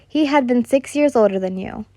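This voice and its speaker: A woman reading a second-person fan story aloud in a soft way, now and then correcting herself. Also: on the high side, no room sound. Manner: slow, soft, with occasional self-corrections. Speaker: fan fiction reader.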